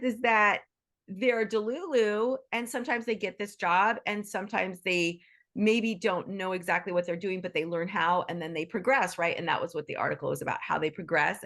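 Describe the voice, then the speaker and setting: Female host, mid pitch, gravelly fry, chatty and upbeat, lots of self-corrections. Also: fairly bright tone. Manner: enthusiastic, chatty, frequent restarts and "right?"; acts out quoted voices in bursts. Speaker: workshop host. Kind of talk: casual talk to an online group.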